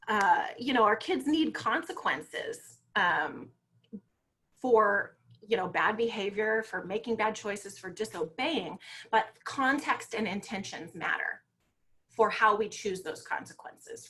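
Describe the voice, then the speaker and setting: A woman speaking as a guest on parenting, telling stories in a lively, conversational way and often checking in with "right?" over a video call. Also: medium pitch. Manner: lively storytelling, frequent "you know" and "right?". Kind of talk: conversational talk.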